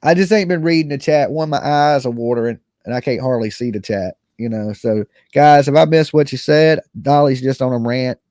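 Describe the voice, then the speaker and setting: A man's voice: mid-range voice, steady tone, brisk, few pauses, darkish tone, dry recording, studio quality. A man, just woken up, ranting casually as a livestream host, rambling and repeating "okay" and "you know what I'm saying".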